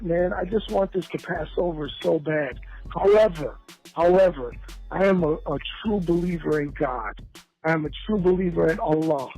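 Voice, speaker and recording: A man's voice: on the high side, poor audio. A man telling rambling, profane stories in casual chat as a podcast guest. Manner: rambling, profane, animated storytelling.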